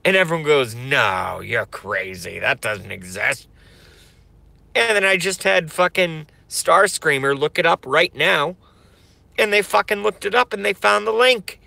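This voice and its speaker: A man rants on a livestream, slow and drawn-out, with a bright, forceful tone. His talk is profane and rambling, full of repeated catchphrases, and the sound is close and dry. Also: high voice, creaky, no room sound. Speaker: streamer. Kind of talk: satirical ranting livestream.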